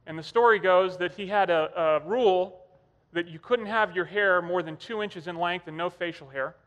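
Brief: male preacher, conversational storyteller, higher pitch, long church reverb. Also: moderate pace, fairly bright tone. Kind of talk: sermon.

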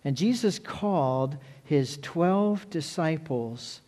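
A man's voice: on the high side, animated, takes it slowly, dark tone. A male pastor preaching a sermon earnestly, repeating key phrases for emphasis.

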